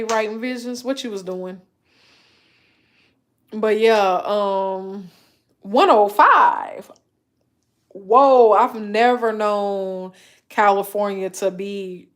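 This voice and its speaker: A young woman talks to her livestream viewers in an easygoing, unhurried way. She tells animated stories and acts out the voices of other people. Her pitch sits in an ordinary middle range. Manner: animated storytelling, acts out quoted voices, laughs often. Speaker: livestream host chatting with viewers. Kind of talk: casual live chat, reading viewer comments.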